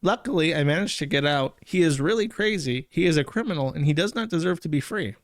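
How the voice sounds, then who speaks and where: A frightened young woman's messages, read by a man who lifts his voice a little higher for her. The reading stays plain and dry, with no attempt at an accent. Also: animated, fast, no echo. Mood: scared.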